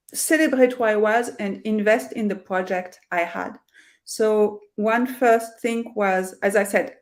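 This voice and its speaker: Speaking with a French accent, this middle-aged woman is a career coach being interviewed over video call. Her voice sits in the mid range with a slightly mellow quality, and her earnest, reflective answers are full of fillers and restarts.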